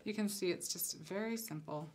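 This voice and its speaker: Working at her table, a concept designer chats through a casual craft demonstration, relaxed and thinking out loud. She speaks at a normal speed in a lowish voice, over slight background noise.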